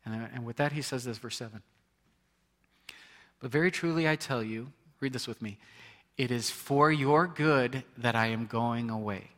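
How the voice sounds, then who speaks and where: A pastor delivers a conversational sermon, reading scripture aloud and frequently restarting his words. His voice is medium in pitch and fairly bright, and he speaks at a moderate pace.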